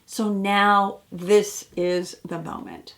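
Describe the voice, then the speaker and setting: A woman therapist talks through a reality show episode in a relaxed, chatty way. Her voice has a gravelly, fry-edged texture. She slips into acted-out quotes of the people on screen. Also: medium pitch, takes it slowly, soft background music. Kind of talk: casual commentary on a TV episode.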